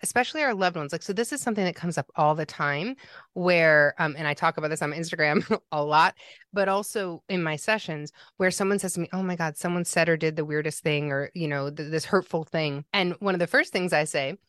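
A woman grief counselor talking as a podcast guest, animated and acting out what people say. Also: on the low side, brisk, no echo, studio quality. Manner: warm, animated, acts out quoted speech. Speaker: pet loss grief counselor.

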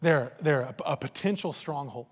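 Animated preacher man in a reverberant hall. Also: a little high, normal speed. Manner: conversational, animated, acts out voices and asides. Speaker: pastor. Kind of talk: sermon.

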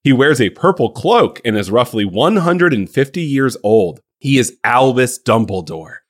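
A self-mocking male podcast co-host chats casually and reads the narration aloud. His voice sits at a middle pitch but swings up and down a lot. He is quick to laugh at himself. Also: very animated. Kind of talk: casual comedic podcast chat and reading aloud.

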